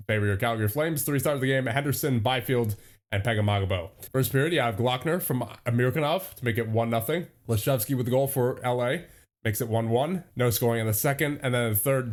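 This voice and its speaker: Young male gaming host, mid-pitched, nervous and pleading, rattles off hockey scores with frequent laughs. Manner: nervous, pleading, laughs often while recapping games. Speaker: gaming YouTuber. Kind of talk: hockey sim franchise play-by-play.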